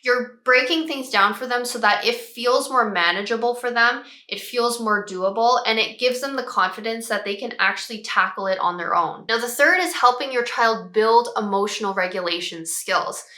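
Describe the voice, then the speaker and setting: A woman, a child behavior expert, calmly explaining parenting strategies and modeling phrases parents can use. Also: fairly high pitch, normal speed, hardly any pauses, echoey room. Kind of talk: parenting advice talk.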